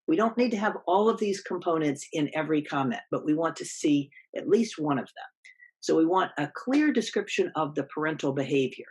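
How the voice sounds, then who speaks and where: A woman presenting an academic lecture, measured and explanatory, with frequent ums and small restarts. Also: low voice, breathy edge. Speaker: guest lecturer.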